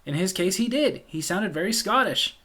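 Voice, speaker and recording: A man's voice: sits high, expressive, normal speed, bright, forceful tone. An American man telling a comedic story from his life in a sardonic, exasperated way. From United States.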